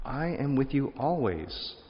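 A man's voice: mid-range voice, big pitch swings, a little slow. A man preaching a sermon in a conversational way, reading scripture aloud and telling stories about his family. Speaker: pastor. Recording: dull audio with long hall reverb.

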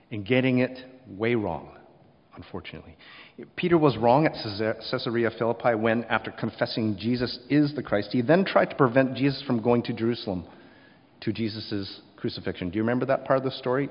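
A man's voice: mid-range voice, brisk, lo-fi sound. Man preaching in an echoey hall. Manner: preaching with acted quotes, sudden loud emphasis then dropping quiet. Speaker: pastor. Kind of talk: sermon.

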